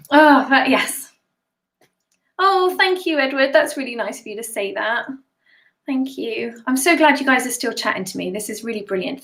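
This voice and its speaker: A woman's voice: sits high, fairly bright tone, reverberant. A British woman hosting a casual live stream as a singer, chatting and giggling while she reads out viewer comments.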